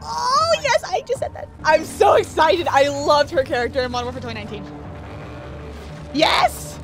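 A young woman streaming a shooter game, chatting casually, laughing and talking back to the game with sudden excited yelps. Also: high voice, moderate pace, over music. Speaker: streamer playing a shooter campaign. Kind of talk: casual let's-play commentary.

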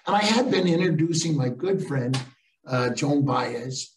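An older man spins comic stories in a lively, jokey way, landing one-liner after one-liner. His voice is fairly high for a man. He sits well back from the mic in an echoey room. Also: unhurried, far from the mic, slight background noise. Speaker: keynote speaker. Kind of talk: comic storytelling talk.

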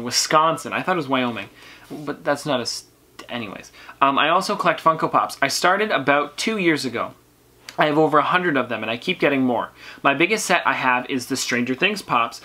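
A young vlogger talks casually at home in a bright, forward voice. The pitch sits right in the middle, and the delivery stays chatty and upbeat, with running asides to viewers between lines. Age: teenager. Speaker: YouTube collector channel host. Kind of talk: casual mail-opening vlog.

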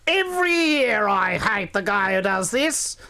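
A man's voice: sits high, very animated, measured pace, noisy background, pitched above the performer's own voice, exaggerated voice. A man putting on an older rural Australian man with an Australian accent who talks bluntly and grudgingly.

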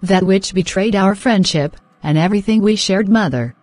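A woman's voice: mid-range voice, moderate pace, darkish tone, dry recording, natural voice. A woman voicing an indignant, jealous young woman. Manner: indignant, dramatic, threatening. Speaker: voice actor in animated drama.

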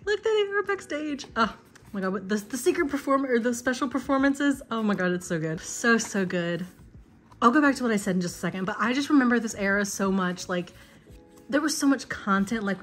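A young woman chatting casually and gushing emotionally as she unboxes fan merchandise. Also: mid-range voice. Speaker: vlogger.

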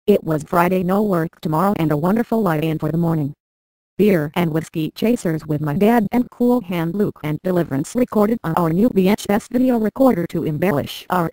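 A computer-generated woman's voice reading a memoir aloud in a flat, synthetic way with odd word stresses. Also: fairly low pitch, no echo, poor audio. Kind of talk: text-to-speech narration of a memoir.

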